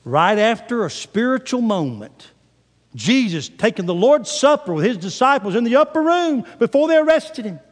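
A man's voice: extremely high pitch, big pitch swings, normal speed. A male preacher giving a sermon, retelling scripture dramatically in a church sanctuary. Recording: long hall reverb.

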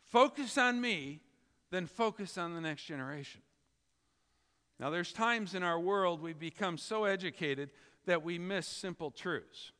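A man's voice: sits high, a little slow, pushed and bright, smooth. A man preaching a sermon in a church, telling a story with emphatic delivery. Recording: reverberant hall.

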